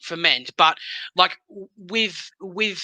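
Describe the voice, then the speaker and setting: A man, a sauce maker guest in a casual interview, speaking haltingly with many restarts. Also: sits high, sharp tone, no echo.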